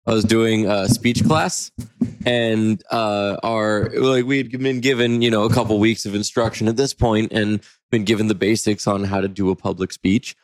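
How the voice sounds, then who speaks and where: A man's voice: lowish voice, flat delivery, moderate pace, dry recording. A man co-hosting a casual podcast, joking and wry in his remarks. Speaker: podcast co-host. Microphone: podcast mic.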